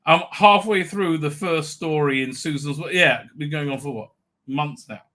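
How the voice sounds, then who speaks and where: A man's voice: a little high, unhurried, pushed and bright. A man hosting a live stream, swearing and jeering through sarcastic commentary. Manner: crude, mocking, swears a lot, breaks into jeering voices. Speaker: livestream host.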